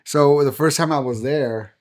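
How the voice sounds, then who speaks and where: An American pastor appears as a guest on a casual podcast, speaking in an earnest, preacherly way. His voice is on the high side and unhurried, and he acts out the voices of people he quotes.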